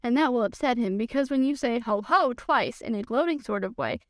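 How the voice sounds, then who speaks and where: A woman doing a gentle, slow-witted teddy bear. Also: on the high side, lively intonation, dry recording, studio quality, close to an everyday voice. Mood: musing.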